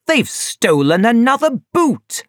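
A man voicing an agitated young aristocratic heir in a storybook reading, loud and indignant. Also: high voice, big pitch swings, takes it slowly, no room sound, clean studio sound, voice pushed up, exaggerated voice.

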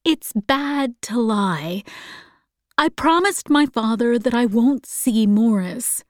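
Woman reading as shy young daughter, earnest, soft and slightly raised voice, slow and dry, storybook reading. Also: a little high, no echo.

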